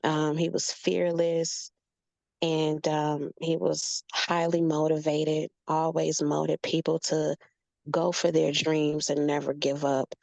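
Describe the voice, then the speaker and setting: Low, gravelly-voiced earnest woman. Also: level tone, takes it slowly, darkish tone, no echo, low-quality recording. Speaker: guest participant. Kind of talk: casual group chat.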